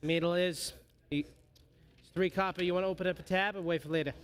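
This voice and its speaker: A man's voice: high-pitched, steady tone, quick pace, close to an everyday voice. A man doing a chatty widowed barmaid. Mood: folksy. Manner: homely, folksy, calls customers darling. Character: chatty widowed human barmaid, middle-aged.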